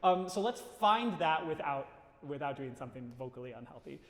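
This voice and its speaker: A man coaching a singer in a live masterclass, casual and animated, breaking into sung phrases to show what he means. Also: on the high side, a little fast, gravelly. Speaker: voice teacher leading a masterclass. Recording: roomy hall reverb.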